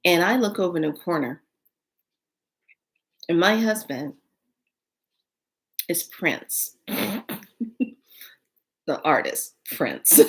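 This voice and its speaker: Slow-talking, low-voiced woman vlogger. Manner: animated, exclaiming, frequent fillers. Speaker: spiritual vlogger. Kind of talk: casual storytelling to camera.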